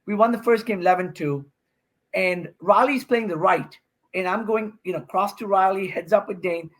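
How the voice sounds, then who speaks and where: A man, a pro pickleball player and podcast guest, excitedly telling a match story and acting out what people said. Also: high-pitched. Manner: excitable, fast-talking, acts out quotes.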